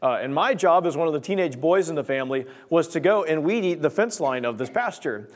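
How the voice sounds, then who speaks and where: A young man tells a story from the pulpit, his voice sitting a little high. He speaks in an animated way and acts out the voices and sound effects in his story. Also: fairly quick. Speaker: preacher. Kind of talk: sermon storytelling.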